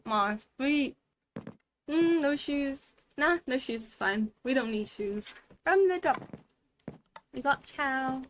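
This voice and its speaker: A woman's voice: sits high, a bit bright, slight background noise. A woman giving a playful, chatty language lesson while streaming a game. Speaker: VTuber language teacher.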